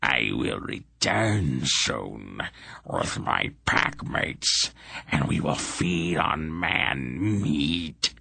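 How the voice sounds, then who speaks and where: A man voicing a huge fiery-eyed monster hound, rasping and speaking slowly with drawn-out words. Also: very deep voice, lively intonation, sharp tone, no room sound, voice pushed down, exaggerated voice. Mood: menacing. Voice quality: rasping, growling. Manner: slow, drawn-out menacing words.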